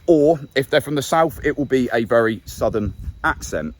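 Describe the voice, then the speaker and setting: A man's voice: medium pitch, animated, moderate pace. A young man with a neutral middle-class English accent, explaining a subject to camera in a casual, conversational way and stressing key words. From England. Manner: conversational, self-correcting, emphatic on key words. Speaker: YouTube host. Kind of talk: casual talking-head explainer.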